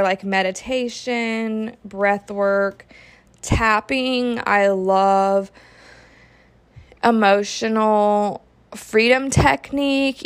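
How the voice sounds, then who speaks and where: Slow-speaking frank woman podcaster. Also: on the high side. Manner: frank, peppered with "like", acts out quoted parent talk. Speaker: podcast host. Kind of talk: candid casual podcast monologue.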